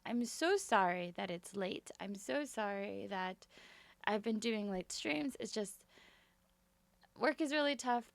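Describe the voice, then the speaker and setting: A young woman streamer chatting casually and apologetically with her viewers from her bedroom at home, rambling from topic to topic in a brisk work voice. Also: mid-range voice, lively intonation, vocal fry, dry recording. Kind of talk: casual live-stream chat.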